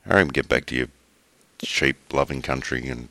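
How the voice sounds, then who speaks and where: A man's voice: extremely low pitch, normal speed, pushed and bright, dry recording. A man with an Australian accent hosting a podcast, joking and teasing his co-hosts in casual banter. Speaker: podcast host.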